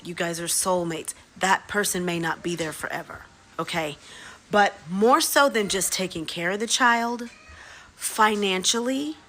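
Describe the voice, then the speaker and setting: A woman speaks bluntly to the camera and lectures her listeners directly, with no softening. Her pitch sits in the middle range, and a faint noise lingers behind her voice. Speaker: advice giver addressing women.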